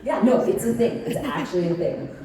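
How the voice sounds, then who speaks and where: A woman's voice: on the high side, very animated, fairly quick, recorded from a distance, a crowd in the background. Chatty woman in an echoey hall. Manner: chatty, laughing, lots of "like". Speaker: panel guest actress. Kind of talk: convention panel storytelling. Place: large convention hall.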